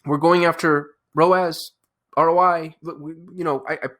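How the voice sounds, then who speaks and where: Emphatic man, slightly high voice. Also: level tone, measured pace, a bit bright. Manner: emphatic, with many restarts and fillers. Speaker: agency owner and channel host. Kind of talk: fired-up casual talk to camera.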